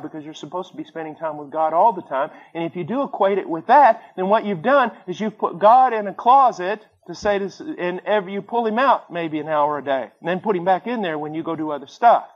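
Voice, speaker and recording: A man preaching a sermon, telling stories with acted-out voices and swinging between loud bursts and quiet asides. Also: high-pitched, a little fast, few pauses, husky. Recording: dull lo-fi sermon recording.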